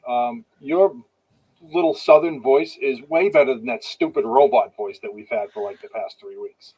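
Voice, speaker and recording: A man's voice: medium pitch, very animated, moderate pace, gravelly, a little mellow, husky, rough recording. A man co-hosting a casual live-streamed chat, joking and teasing his co-hosts. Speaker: co-host.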